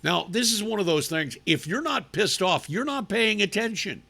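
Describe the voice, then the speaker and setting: A man's voice: high voice, animated, moderate pace, gravelly, sharp tone. A man hosting a talk show, giving an opinionated monologue in a sarcastic, mocking manner. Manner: sarcastic, mocking, acts out people in put-on voices. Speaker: radio talk show host. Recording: live radio broadcast stream.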